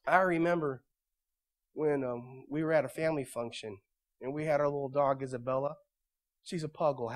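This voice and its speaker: Emphatic male church pastor preaching. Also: medium pitch. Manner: swings from quiet storytelling to loud emphatic preaching. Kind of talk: sermon.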